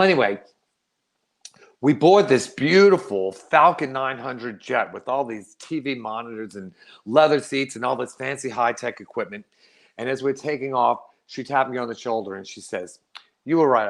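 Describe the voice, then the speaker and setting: A middle-aged man performing a wry, animated storytelling monologue, laughing often. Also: medium pitch, normal speed, creaky.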